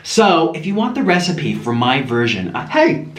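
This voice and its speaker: A man's voice: a little high, sing-song, normal speed, a bit bright. A man chatting casually to viewers while eating on camera, gushing and chatty, sometimes talking with his mouth full, at home. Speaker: mukbang vlogger. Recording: echoey room with faint music.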